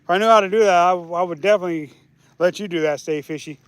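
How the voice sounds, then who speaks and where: High-voiced rambling man streaming outdoors. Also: fast, clean tone, no echo. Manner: easygoing, rambling, restarts often. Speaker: fishing live streamer. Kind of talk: casual live stream chat. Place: outdoors by a lake.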